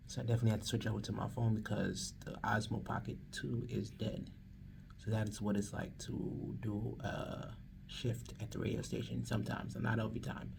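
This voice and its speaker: A man's voice: on the low side, vocal fry, darkish tone, distant mic, slight background noise. A young man reading news on campus radio, then joking to camera between takes in a slangy, self-mocking way. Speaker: campus radio newscaster and vlogger. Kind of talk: casual vlog with news reading. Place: radio station booth.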